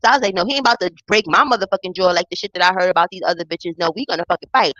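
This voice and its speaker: A woman's voice: fairly low pitch, very fast, dry recording, highs cut off. A young woman telling a profane personal story in a casual storytime vlog, acting out the voices of the people in it. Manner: animated, acts out quoted voices, profane.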